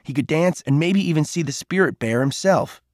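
A man's voice: a little high, moderate pace, no echo. Man narrating an audiobook in a dry voice.

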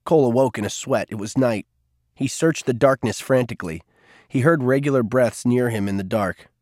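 A man narrating a novel in an even, steady storytelling voice. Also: medium pitch, moderate pace, dry recording, clean studio sound. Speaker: audiobook narrator. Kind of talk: scripted narration.

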